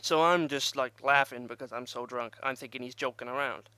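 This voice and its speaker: A man's voice: medium pitch, fairly quick, bright, forceful tone, clear, resonant tone, no echo. A young man telling a rambling, profane party story in casual vlog style and laughing at himself. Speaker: vlogger.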